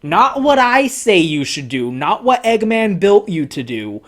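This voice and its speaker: A man reading a cocky young male hedgehog hero's lines from a comic in a slow, earnest, preachy way. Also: sits high, big pitch swings.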